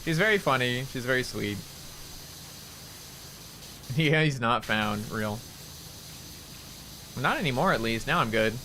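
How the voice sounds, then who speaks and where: A man's voice: mid-range voice, expressive, a little slow, long pauses, bright, forceful tone, slight background noise. A man streaming a game, chatting casually in a rambling, candid way and swearing freely. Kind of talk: casual chat while gaming.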